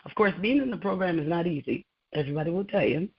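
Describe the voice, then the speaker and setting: A woman's voice: lowish voice, expressive, fast, husky. A woman guest on a radio interview, telling her story with animation, laughing often and acting out dialogue. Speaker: guest, laboratory scientist. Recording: muffled lo-fi sound.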